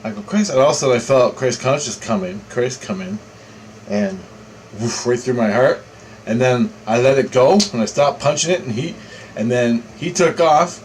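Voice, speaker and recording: Man, mid-pitched voice, loose rambling storyteller, swears a lot. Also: a little mellow, slight background noise, rough recording. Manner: rambling, repetitive, profane. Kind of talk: casual first-person storytelling.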